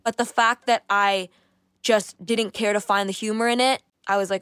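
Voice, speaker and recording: A woman's voice: mid-range voice, steady tone, normal speed, a bit bright, clear, resonant tone, dry recording, studio quality. A woman in her twenties hosting a solo podcast, talking candidly and reflectively, often restarting her thoughts. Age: 20s. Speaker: podcast host. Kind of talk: casual solo podcast monologue.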